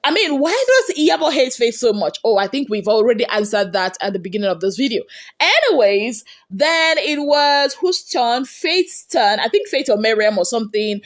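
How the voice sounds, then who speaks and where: A woman with a Nigerian accent recapping reality-show gossip in an animated, chatty way, with many rhetorical questions. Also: fairly high pitch, moderate pace. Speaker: entertainment gossip vlogger.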